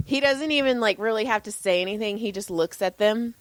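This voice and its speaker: Animated, laughing woman telling stories. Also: medium pitch, a little fast, no room sound. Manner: animated storyteller, laughs often, swears casually. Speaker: podcast co-host. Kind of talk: casual chat.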